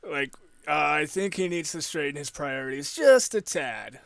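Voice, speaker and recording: A man's voice: fairly high pitch, lively intonation, creaky, fairly bright tone, dry recording. A man co-hosting a podcast who chats casually, cracks jokes and laughs often. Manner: slow, joking, laughs often. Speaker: podcast co-host. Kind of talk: casual chat.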